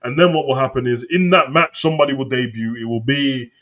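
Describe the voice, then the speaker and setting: A man's voice: fairly even intonation, a little fast. Slangy British man ranting on a stream. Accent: British, London street slang. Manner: slangy, ranting, breaks into loud high outbursts. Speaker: wrestling show streamer. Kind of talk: live stream reaction chat.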